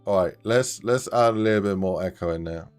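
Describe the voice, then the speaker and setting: A man streaming his game development live, chatting casually and getting excited, laughing often and swearing now and then. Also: low voice, brisk, clear, resonant tone, soft background music.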